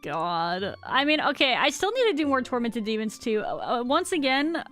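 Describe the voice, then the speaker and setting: A woman's voice: a little high, sing-song, normal speed, fairly bright tone, faint music behind. A woman in her thirties streaming a game, chatting casually and rambling as she answers her chat, with a slightly sick voice.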